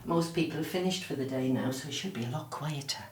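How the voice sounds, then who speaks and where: In a very noisy recording, an actress plays a bereaved middle-aged daughter from the South Wales valleys, interviewed in her quiet office after hours. Her low voice carries a soft Welsh lilt, practical yet tender, as halting, reflective lines break into apology with tears near. The sorrowful piece plays like a quiet filmed drama monologue.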